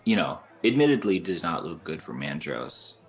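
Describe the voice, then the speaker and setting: A man with a very low, deep voice talks through a novel on a podcast. He keeps it laid-back and casual, thinking out loud and chuckling at the plot as he goes. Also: very animated, normal speed, soft background music. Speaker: book podcast co-host. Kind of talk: casual book discussion.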